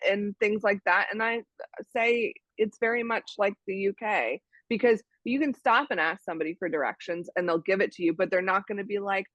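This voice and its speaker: A woman's voice: mid-range voice, fairly quick, a bit bright, no room sound. An American woman chatting casually as an interview guest, telling stories with many restarts over a video call. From United States. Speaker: guest, dating site member. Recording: dull, dry lo-fi sound.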